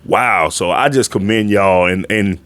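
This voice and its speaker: Deep-voiced laid-back Southern man. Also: a little slow, a bit bright, dry recording. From Florida. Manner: laid-back, frequent "you know what I'm saying". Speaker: guest rapper. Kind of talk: casual podcast conversation.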